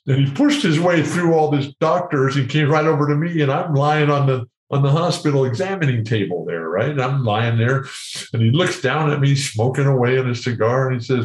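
An older man spins an animated anecdote as an interview guest, slipping into the voices of the people in it. His voice sits at an average pitch and carries a roomy echo. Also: normal speed. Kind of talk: storytelling in an interview.

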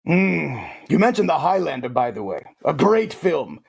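A towering alien warlord voiced by a man with a deep, gritty rasp and a breathy, husky edge. He is smug and grandiose, pompous in every phrase, and talks about himself in the third person while making comic sports picks. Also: very animated, normal speed, exaggerated voice. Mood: grandiose, playful. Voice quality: gravelly, husky.

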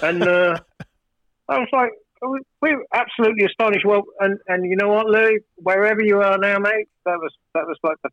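This man is a record producer in a casual interview, and his long studio story wanders with fillers and false starts before turning animated and emphatic. His voice sits high and moves fairly quickly, on a lo-fi recording with no echo.

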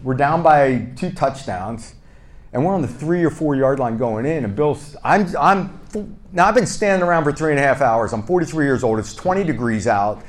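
A man with a voice of ordinary, middling pitch tells stories in a relaxed, chatty way. He acts out both sides of old conversations and pokes fun at himself as he goes. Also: normal speed. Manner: lively, re-enacts dialogue with "I go, he goes"; self-deprecating and playful. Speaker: podcast guest. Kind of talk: casual anecdotal storytelling.

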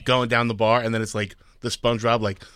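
A man with a bright, forceful voice trades wisecracks in loose studio banter. He sits close to a dry mic. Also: mid-range voice, little pitch movement, brisk, clean tone, dry recording. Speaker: guest comedian. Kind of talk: casual chat.

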